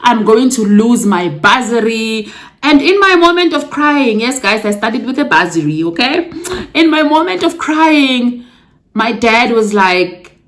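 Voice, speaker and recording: A woman's voice: fairly high pitch, sing-song, measured pace, fairly bright tone. A young woman from Africa, telling her own story to camera in a casual vlog. She talks to viewers as guys and drops exclamations like yay and yo. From South Africa. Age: young adult. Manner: emotional, close to tears at times. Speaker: vlogger.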